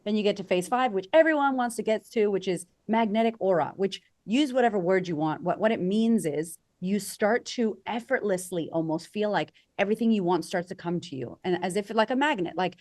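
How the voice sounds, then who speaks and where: A woman coaching as a podcast guest, energetic and conversational, acting out quoted voices for emphasis. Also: medium pitch, brisk, hardly any pauses. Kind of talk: conversational interview.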